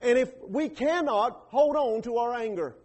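A pastor delivering a sermon with emphatic, rising bursts of preaching. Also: male voice, extremely high pitch, normal speed, a little mellow.

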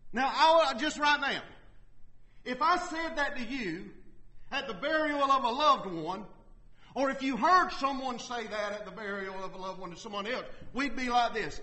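A man preaching a sermon in a strikingly high voice with a bright, forward ring. He works through scripture earnestly and keeps checking in with his listeners through quick call-and-response asides. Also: low-quality recording.

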